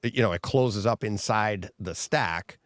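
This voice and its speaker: A man's voice: fairly low pitch, measured pace, dry recording, studio quality. A man co-hosting a podcast in casual chat, telling rambling stories and laughing often mid-sentence. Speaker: podcast co-host.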